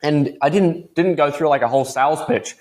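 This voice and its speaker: A man's voice: fairly high pitch, brisk, a little mellow. A teenage man with an Australian accent, chatting upbeat and laughing easily as a podcast guest. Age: teens. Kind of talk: casual interview chat.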